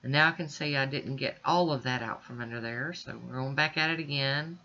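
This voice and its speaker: Stuffy-nosed chatty woman, bright voice. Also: a bass voice, fairly quick, lo-fi sound. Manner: chatty and reassuring, speaks directly to viewers. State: stuffy, congested sinuses with throat clearing. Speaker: nail art vlogger. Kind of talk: casual step-by-step tutorial narration.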